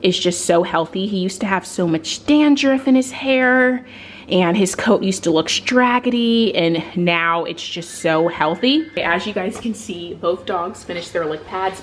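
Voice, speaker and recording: A young woman talking casually to her viewers in a vlog, at an everyday middle pitch. Her delivery is chatty and easygoing, with a little faint noise heard in the background. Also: moderate pace. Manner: chatty, switches to high excited praise for the dogs. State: out of breath. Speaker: vlogger, dog owner. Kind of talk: casual vlog chat to camera.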